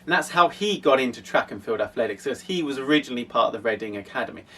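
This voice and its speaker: A man's voice: medium pitch, animated, quick pace, a bit bright, distant mic, a little hiss or hum. A young man from an athletics club, explaining casually with frequent restarts. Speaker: athletics club coach and host.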